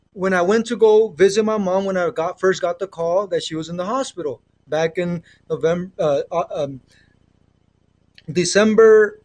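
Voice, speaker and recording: A man's voice: high-pitched, darkish tone. A middle-aged man with a Mexican accent, talking on a casual spiritual livestream from home through an earbud mic. He rambles earnestly, often trailing off and restarting. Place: home with children nearby. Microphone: earbud headset.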